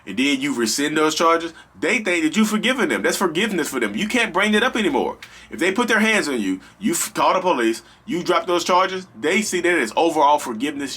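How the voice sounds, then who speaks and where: A man hosting a casual advice vlog, talking straight to his viewers in an animated, slangy, rambling way. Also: fairly high pitch, breathy edge. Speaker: vlog host.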